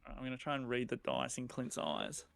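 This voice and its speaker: A man at a tabletop game with a gravelly, fry-edged voice at a middle pitch. He chats casually and throws out offhand jokes between turns. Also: big pitch swings, quick pace, fairly bright tone. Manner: joking, offhand. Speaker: player. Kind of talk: casual chat.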